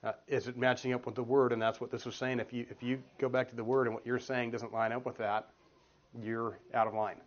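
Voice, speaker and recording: A man's voice: medium pitch, flat delivery, brisk. A man in his forties giving a casual, earnest teaching talk to a church group, telling stories with many restarts. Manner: earnest, storytelling with frequent restarts. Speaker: guest speaker at a church group. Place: meeting room with children's group next door. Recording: dull lo-fi room recording.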